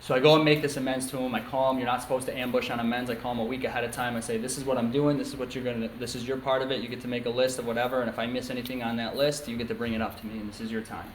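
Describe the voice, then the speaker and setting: Racing along with hardly any pauses, a young upstate New York man gives a candid testimony at a recovery meeting in a medium-pitched voice with little pitch movement. His story is thick with ums and likes, recorded in an echoey meeting room with faint hiss.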